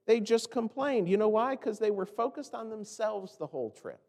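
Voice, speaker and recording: A man's voice: sits high, animated, normal speed, vocal fry, hardly any pauses, darkish tone, in a large hall. A man preaching a sermon in a conversational way, asking rhetorical questions and acting out the complaints he quotes. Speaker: pastor.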